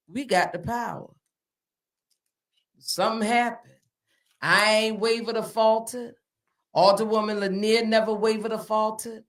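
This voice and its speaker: A woman's voice: mid-range voice, a little slow, long pauses, a bit bright. A middle-aged woman, hosting a casual podcast interview. She talks in an emphatic, preacherly way and repeats lines for stress. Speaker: alderwoman and podcast host. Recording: echoey room, far from the mic.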